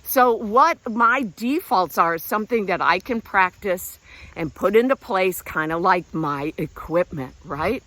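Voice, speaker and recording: A middle-aged woman talks in a casual, encouraging way as she walks outdoors, her pitch rising and falling freely. She is a little out of breath from the walk. Crickets chirp faintly behind her. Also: sharp tone, no room sound. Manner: encouraging, conversational, breathing hard while hiking. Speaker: vlog host and self-help speaker. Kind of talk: casual talk while walking outdoors. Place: outdoors walking around a lake.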